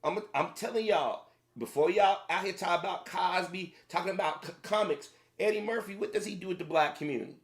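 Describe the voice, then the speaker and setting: A man's voice: sits high, brisk. A man giving a heated opinion rant, repeating himself and speaking straight to his audience. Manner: heated, repetitive, addressing the audience directly. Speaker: commentator.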